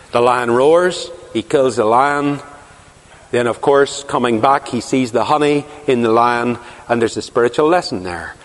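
A man preaching a sermon, telling stories and asking rhetorical questions with emphasis. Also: on the high side. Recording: long reverb of a large hall.

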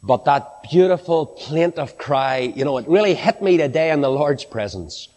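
A man preaching with a very lively, animated pitch that climbs high on exclamations and sinks to a near-murmur. His voice rings out with a long reverb, as in a large hall. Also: normal speed. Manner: animated, swinging from high exclamations to low hushed lines. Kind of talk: sermon.

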